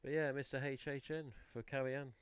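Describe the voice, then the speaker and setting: English male stream host, smooth, chatty, mild swearing. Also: medium pitch, level tone, fairly quick. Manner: chatty, mild swearing, talks while handling items. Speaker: host of a collectors' live stream. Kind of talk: casual live-stream chat. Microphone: headset.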